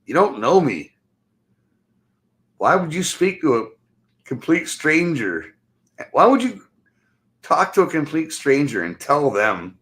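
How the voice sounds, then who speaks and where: A man's voice: a little high, very animated, slow pace, pauses often, fairly bright tone. A middle-aged man, ranting bluntly and angrily. He swears constantly and ends his phrases with "man". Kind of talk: profane ranting monologue.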